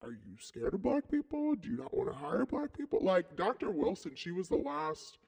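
A woman's voice: mid-range voice, big pitch swings, normal speed, gravelly, a little mellow, in a large hall. A young woman co-hosting a casual chat, emphatic and exclaiming, laughing often.

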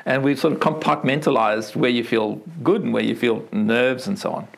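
A middle-aged Australian man, a keynote speaker, telling animated stories in an interview and acting out the voices of the people in them. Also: normal speed, creaky. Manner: acts out quoted voices with big pitch swings, repeats words.

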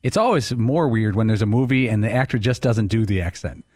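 A man's voice: lowish voice, lively intonation, fairly quick, darkish tone. A man co-hosting a sports talk radio show, chatting in a wry way.

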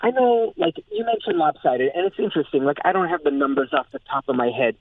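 A man reporting on football as a phone-in guest, talking in an animated, excited way with lots of "like". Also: on the high side, quick pace. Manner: animated, filler-heavy, excited. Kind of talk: phone-in sports analysis. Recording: tinny phone line.

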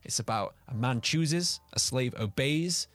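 A man's voice: medium pitch, lively intonation, measured pace, a bit bright. Enthusiastic rambling male podcast co-host. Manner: enthusiastic, rambling, with frequent restarts. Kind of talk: casual chat.

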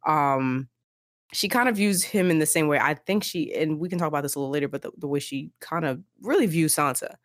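Low-voiced woman podcaster, dry sound. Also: fairly quick, no room sound. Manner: animated, emphatic, repeats herself. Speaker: podcast co-host. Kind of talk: casual book discussion.

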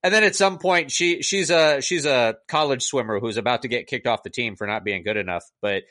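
A man chats casually on a podcast, rambling through a retelling with plenty of filler words and exasperated asides. His voice sits at an ordinary middle pitch. The recording is dry and close, with no room sound. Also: brisk, pushed and bright, no echo. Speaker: podcast co-host reviewing a movie. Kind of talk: casual chat.

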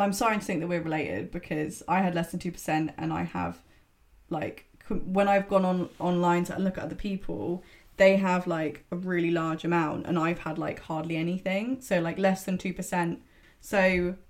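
A woman's voice: fairly low pitch, steady tone, normal speed. A young woman chatting in a breezy, wry way. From southern England. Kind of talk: casual chat.

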